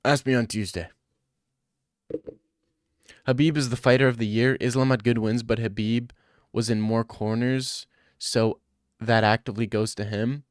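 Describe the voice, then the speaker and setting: A man's voice: medium pitch, fairly even intonation, moderate pace, long pauses, dry recording, studio quality. A man hosting a casual podcast chat, rambling and joking in loose banter.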